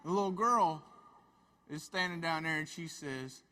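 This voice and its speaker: A man's voice: fairly high pitch, measured pace, pushed and bright. A man, a family therapist giving a humorous live talk, folksy and chatty with asides. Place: large hall with a live audience. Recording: reverberant hall.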